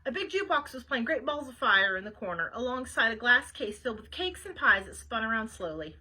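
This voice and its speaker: Lively woman librarian for a kids' read-aloud, high and bright, talks straight to the kids. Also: a little fast, slightly rough, rough recording. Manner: chatty asides to young listeners. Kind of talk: reading a children's book aloud.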